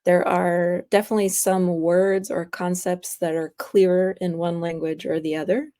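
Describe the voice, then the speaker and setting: A young woman being interviewed, chatting casually and relaxed, with lots of "like" and "you know". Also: lowish voice, moderate pace. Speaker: interview guest, graphic artist.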